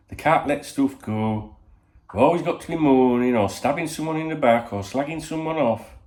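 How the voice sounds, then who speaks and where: A channel host chats casually to camera from his home in Spain, rambling, swearing freely and saying "you know" constantly. His voice sits at a medium pitch with a darkish tone, and the room is reverberant.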